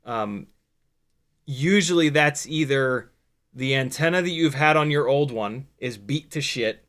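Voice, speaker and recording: A man's voice: mid-range voice, a little slow, fairly bright tone. A man hosting a livestream, chatting loosely as he works and answering viewer questions, with casual swearing and dry sarcasm. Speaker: livestream host building a drone.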